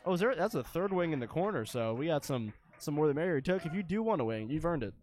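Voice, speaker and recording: A man's voice: fairly high pitch, very animated, fast, a little mellow, slight background noise. A man giving color commentary on a baseball game, playful and joking in his asides.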